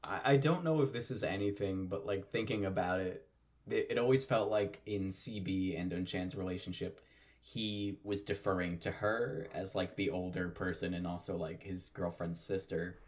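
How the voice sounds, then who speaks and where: A man's voice: low voice, steady tone, normal speed. Guy on a podcast talking through a show, earnest and kinda reflective, laughs a lot. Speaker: podcast co-host. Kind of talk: casual chat recapping a show.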